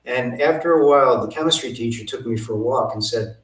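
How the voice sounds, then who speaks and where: A man's voice: medium pitch, fairly quick, a bit bright, reverberant, distant mic, rough recording. A man telling stories as an interview guest, acting out the dialogue he quotes. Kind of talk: storytelling interview.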